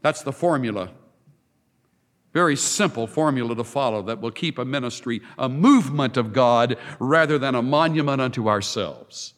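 A man preaching a sermon, emphatic, moving between hushed lines and ringing declarations. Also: medium pitch, moderate pace. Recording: long hall reverb.

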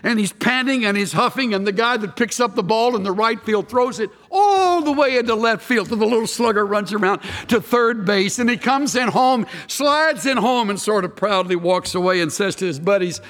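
Guy preaching a sermon, pretty high voice, big long echo like a big hall, punchy with lots of questions. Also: brisk, hardly any pauses, fairly bright tone. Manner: emphatic, with rhetorical questions and wry asides. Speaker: pastor.

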